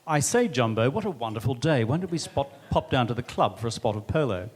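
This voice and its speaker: A man mimicking a pompous upper-class English gentleman with a posh English accent, in a plummy manner. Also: mid-range voice, very animated, fairly quick, close to an everyday voice. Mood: jolly. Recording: reverberant hall, faint noise.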